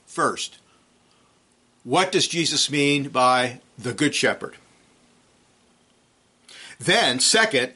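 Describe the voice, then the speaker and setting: A man preaching an expository sermon, reading scripture and explaining Greek words in a measured way. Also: medium pitch, sharp tone.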